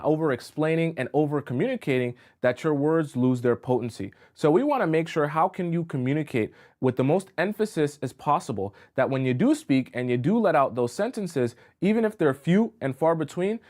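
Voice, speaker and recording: A man's voice: a little high, a little mellow. A man giving dating advice as a coach in a live-streamed lesson, talking straight to his chat and repeating himself as he works through his points. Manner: talks to chat directly, repeats himself when drawing.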